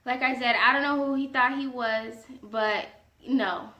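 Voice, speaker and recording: A young woman telling a story to her viewers in a casual vlog, animated and indignant, acting out both sides of a conversation. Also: high voice, slow pace, reverberant. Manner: animated, indignant retelling with quoted dialogue.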